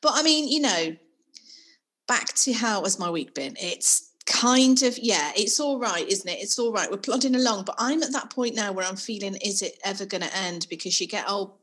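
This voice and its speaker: Woman, podcast co-host, bright clear tone, casual and self-deprecating. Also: medium pitch, lively intonation, moderate pace. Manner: chatty, laughing, self-mocking. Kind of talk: casual chat.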